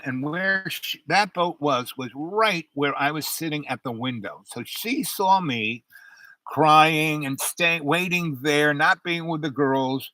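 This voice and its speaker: Rambling man telling a story, bright and dry. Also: on the high side, dry recording, poor audio. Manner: rambling, with many restarts and fillers. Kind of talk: casual anecdote telling.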